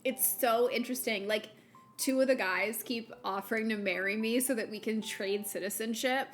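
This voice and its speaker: With soft music in the background, this young woman from the U.S. speaks at a normal speed in a fairly high voice. She's streaming a game, reading chat and talking casually with viewers, laughing often and using plenty of fillers in a chatty, giggly way.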